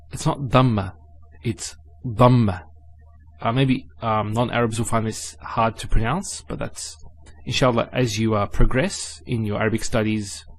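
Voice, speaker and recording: A male teacher with a mid-range voice explains Arabic letters and vowels in a spoken lesson. He is patient and methodical, breaking words into syllables and sounding each one out slowly, then repeating it. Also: mid-range voice.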